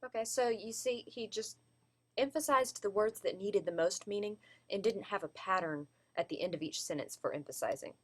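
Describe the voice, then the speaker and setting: A woman's voice: medium pitch, moderate pace, a bit bright. A woman giving a class presentation on vocal delivery, explaining and demonstrating word emphasis. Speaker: student presenter.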